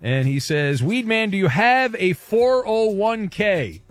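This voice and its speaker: A man's voice: sits high, animated, dry recording, faint music behind. A man hosting a radio talk show, joking and brash as he reads listener questions. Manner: brash, joking, quick asides.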